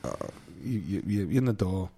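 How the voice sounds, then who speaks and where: Deep husky man in comedic banter. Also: animated, moderate pace, mellow. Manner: teasing, acts out mock dialogues, rambling restarts.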